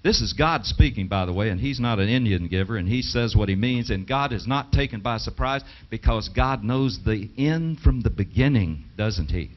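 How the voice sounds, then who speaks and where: A man's voice: lowish voice, lively intonation, normal speed, hardly any pauses. A middle-aged man preaching a sermon and reading scripture aloud. He speaks with emphasis and asks the audience rhetorical questions. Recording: dull lo-fi 1980s television broadcast.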